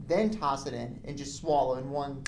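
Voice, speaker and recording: A young man co-hosting a podcast in casual chat, teasing and quick to laugh. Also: medium pitch, a little mellow, roomy sound, a little hiss or hum. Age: young adult. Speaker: podcast co-host.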